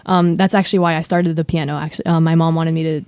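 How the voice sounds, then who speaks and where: A woman guest on a studio podcast, speaking in a mellow, lowish voice. She pauses often with ums as she thinks, and the sound is dry and close. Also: little pitch movement, clean tone, no echo. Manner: hesitant, with many ums. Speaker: guest musician. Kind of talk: interview answers.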